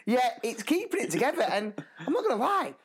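A man co-hosting a podcast, a primary school teacher telling stories in a casual, animated way and laughing through them. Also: very high voice, fairly quick, husky. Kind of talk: casual storytelling chat.

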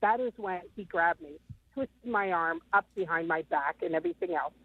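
With a lowish voice at normal speed and no echo, a woman in her fifties phones in. She rambles as she recounts her story, using many ums, and the line is tinny.

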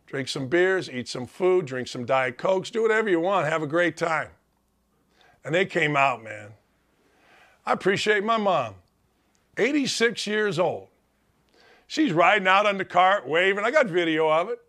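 Emotional, bright-voiced male talk host. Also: a little high. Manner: heartfelt, emphatic, repetitive gratitude. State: tearful. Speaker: sports talk show host. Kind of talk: emotional monologue.

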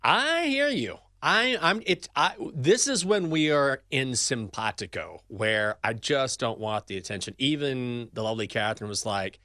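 Bright-voiced man in easygoing podcast chat. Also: medium pitch, moderate pace, dry recording, clean studio sound. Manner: rambling, self-correcting, animated. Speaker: sports betting podcast co-host. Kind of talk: casual chat.

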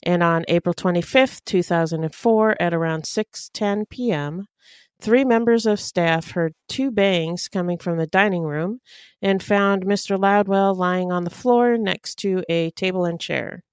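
Smooth low-voiced woman podcaster. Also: measured pace, no room sound. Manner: reads case notes, laughs easily. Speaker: podcast co-host. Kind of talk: casual true crime chat.

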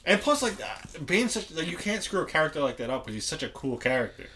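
Young male co-host, laid-back and sarcastic, with lots of pitch movement. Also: big pitch swings, quick pace, bright, forceful tone, a little hiss or hum. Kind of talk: casual chat.

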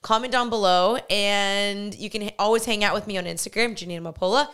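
A woman's voice: medium pitch, a little fast, a bit bright, clear, resonant tone. A young woman hosting a casual podcast chat, playful and teasing, tired and run down. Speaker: podcast host.

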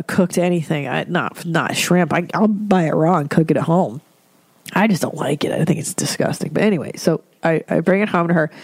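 A woman with a low, gravelly voice hosts a casual solo podcast, rambling bluntly and swearing freely. The sound is dry and close, with no room echo. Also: darkish tone. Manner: blunt, profane, rambling storyteller. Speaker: podcast host.

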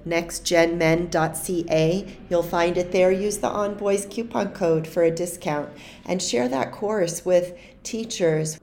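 A woman's voice: fairly low pitch, a little mellow. A woman co-hosting a parenting podcast, thanking her guest and addressing listeners encouragingly. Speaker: podcast co-host. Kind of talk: podcast interview and outro.

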